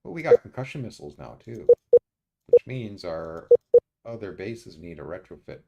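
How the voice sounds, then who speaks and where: A man streaming a strategy game, muttering his moves to himself and often pausing with uhs. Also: low-pitched, sing-song, vocal fry, a little mellow, slight background noise. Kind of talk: casual let's-play commentary.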